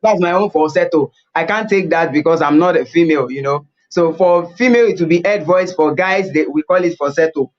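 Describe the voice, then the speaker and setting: A man's voice: a little high, fairly quick, few pauses, highs cut off. A man teaching a singing webinar, repeating key points and explaining things as he plays the piano. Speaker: vocal coach.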